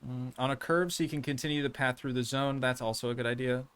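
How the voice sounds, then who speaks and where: A man's voice: mid-range voice, steady tone, fast, a bit bright, smooth. A man streaming a park-building game, chatting casually and playfully with his viewers in rambling asides. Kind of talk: casual game livestream chat. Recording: faint music in background.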